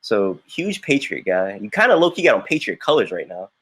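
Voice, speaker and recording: A young man from Florida hosting a podcast interview, chatty and slangy, with quick bursts and lots of filler. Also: on the low side, big pitch swings, fairly bright tone, slightly rough. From Jacksonville, Florida. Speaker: podcast host. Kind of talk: casual interview chat.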